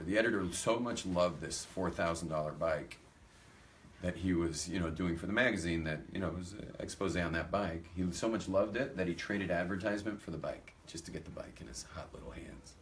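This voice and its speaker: A low-pitched male voice, a little fast, with a bit of hiss or hum. He's an American rabbi giving a storytelling talk to a live audience, animatedly telling funny anecdotes and acting out the dialogue.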